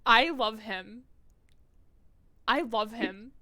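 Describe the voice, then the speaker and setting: A woman's voice: a little high, drawn-out words, sharp tone, no echo. A woman streamer giving casual live commentary on a game, gushing, laughing and swearing freely.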